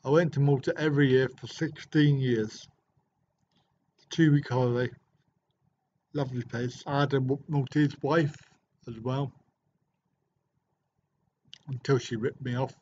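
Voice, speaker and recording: A man's voice: medium pitch, fairly even intonation, a little slow, pauses often, a little mellow, a little hiss or hum. A middle-aged man hosting a livestream from a hotel room, chatting casually and joking as he answers viewer comments. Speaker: livestream host. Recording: dull lo-fi livestream audio.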